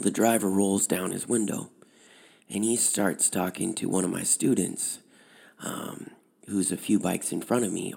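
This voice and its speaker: A man who runs a high school outdoor program, telling a personal story in a relaxed, conversational way with fillers. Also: creaky, slightly rough.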